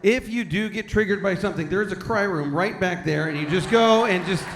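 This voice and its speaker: A man's voice: sits high, brisk, a bit bright. A man from San Diego doing a stand-up comedy set, telling self-deprecating stories about his family and slipping into character voices. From San Diego, California. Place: large hall with audience. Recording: echoey live hall.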